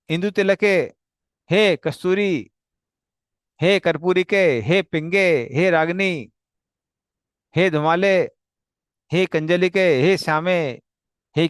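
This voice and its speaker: A man voicing a divine young cowherd loudly calling his cows by name, one after another. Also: high voice, clean tone, no room sound, clean studio sound. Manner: loud, calling out names one by one.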